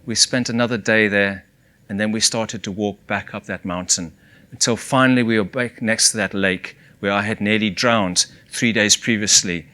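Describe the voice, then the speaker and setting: A man's voice: medium pitch, pushed and bright. Man telling a vivid inspirational story. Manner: vivid storytelling, voicing others in quoted dialogue. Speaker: keynote speaker.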